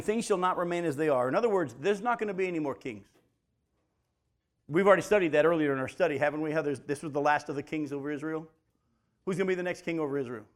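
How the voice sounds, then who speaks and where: Male preacher, a little higher-pitched than most, casual and chatty, keeps asking listeners questions. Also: fast talker, long pauses. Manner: lively, asks the listeners rhetorical questions; conversational, addresses listeners as folks. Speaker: preacher and Bible teacher. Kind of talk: sermon, verse-by-verse Bible teaching.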